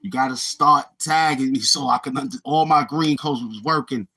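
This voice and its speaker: Reading his stream chat aloud, a middle-aged man from Brooklyn, New York answers viewers in casual, slangy talk and keeps repeating himself. The voice is medium in pitch with fairly even intonation and normal speed, sounding pushed and bright, with a Brooklyn accent.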